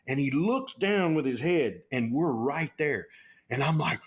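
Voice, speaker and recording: Husky man telling a story. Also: fairly high pitch, expressive, a little slow. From Texas. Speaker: guest. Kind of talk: casual storytelling.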